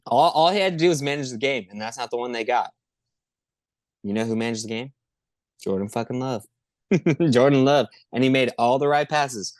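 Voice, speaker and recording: Man, sports podcast co-host, excitable, profane, rambling, dry recording. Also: medium pitch, moderate pace, long pauses, no room sound. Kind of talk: casual sports chat.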